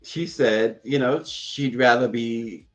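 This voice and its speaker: A man's voice: mid-range voice, fairly even intonation, takes it slowly, a bit bright, soft background music. A man co-hosting a morning news show, chatting casually and chuckling often as he talks. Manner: chuckles often while talking.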